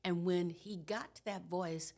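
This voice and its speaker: A woman in her sixties, a guest trauma educator, explaining in an animated conversational way and checking in with "okay?". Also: fairly low pitch, measured pace. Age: 60s. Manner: animated, tags points with "okay?". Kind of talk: conversational teaching.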